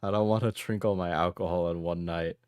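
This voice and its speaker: A man's voice: sits low, fairly even intonation, brisk, darkish tone, clear, resonant tone, no room sound, clean studio sound. A man streaming casually, laid-back and tired, laughing as he chats with his viewers.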